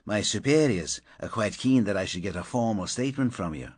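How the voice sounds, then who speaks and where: A man's voice: on the low side, animated, fairly quick, slightly rough, dry recording. A man voicing a blunt, foul-mouthed police sergeant. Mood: guarded. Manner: blunt, sweary, incredulous.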